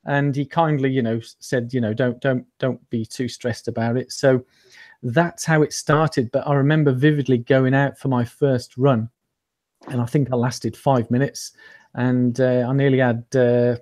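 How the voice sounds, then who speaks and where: This interview guest, an amateur runner, shares his story in a casual chat, rambling and putting himself down, with many ums and false starts. He speaks at normal speed in a mid-range, slightly mellow voice with fairly even intonation.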